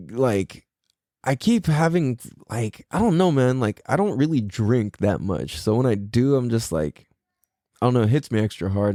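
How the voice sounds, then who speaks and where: A man hosts a podcast and rambles through a story, full of slang, fillers and swearing. His pitch jumps around a lot, while his tone stays mellow. The sound is close and dry. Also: dry recording. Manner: mimics people in quoted voices. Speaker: podcast host. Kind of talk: casual storytelling.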